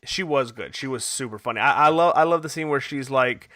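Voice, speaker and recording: A man co-hosting a movie podcast in casual chat, animated and quick to act out quoted lines. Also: medium pitch, no echo, studio quality. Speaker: podcast co-host.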